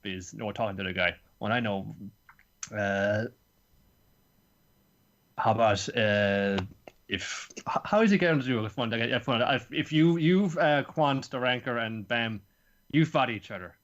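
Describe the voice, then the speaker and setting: A man's voice: mid-range voice, unhurried, long pauses, a bit bright, muffled recording. A man co-hosting a casual podcast, rambling through episode recaps and acting out characters' lines. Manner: rambling, acts out quotes in voices. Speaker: podcast co-host.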